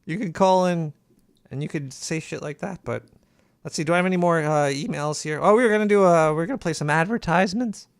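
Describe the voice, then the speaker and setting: A man's voice: a little high, fast talker, clear, resonant tone, dry recording, studio quality. A man hosting a comedic call-in radio show as a paranoid cartoon rat, rambling and stumbling over his words as he reads emails. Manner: rambling, stammers and restarts while reading emails.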